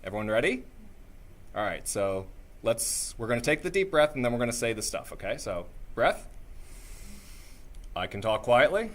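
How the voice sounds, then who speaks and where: A man's voice: mid-range voice, a little fast. Upbeat man coaching a live workshop. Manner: energetic, coaxing, checks in constantly with "right?" and "okay?"; voice-coach delivery from a singing background. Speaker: workshop presenter.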